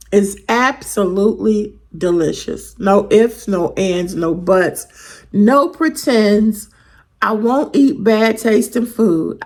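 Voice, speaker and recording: A woman, chatting casually and warmly to viewers in a homey way in her weight loss vlog. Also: mid-range voice. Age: 50s.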